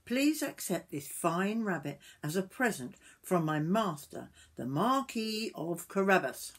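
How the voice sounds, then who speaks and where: A woman's voice: on the low side, sing-song, measured pace, husky, heavily acted. An older woman voicing a clever, scheming male cat in boots in a read-aloud storybook, bold and persuasive.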